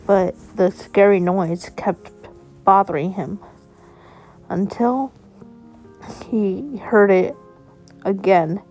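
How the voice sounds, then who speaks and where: A woman narrating a children's bedtime story in a slow, gentle storytelling manner. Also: medium pitch, soft background music.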